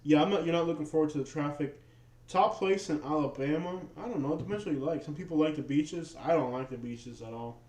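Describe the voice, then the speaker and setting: A man with a New York-tinged accent hosts a laid-back livestream, chatting to viewers in a rambling, relaxed way with frequent restarts. His voice sits a bit high for a man and rings in a roomy, echoey room. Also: fast talker. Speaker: livestream host. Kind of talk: casual livestream chat. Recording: roomy echo.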